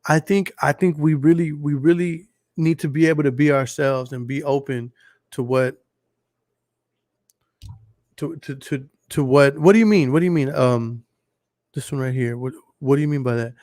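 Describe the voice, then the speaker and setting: A man's voice: a little high, moderate pace, no room sound, studio quality. Blunt, cursing Texas podcast man. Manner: blunt, profane, animated, talks straight to listeners. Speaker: podcast host. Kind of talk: casual solo podcast talk.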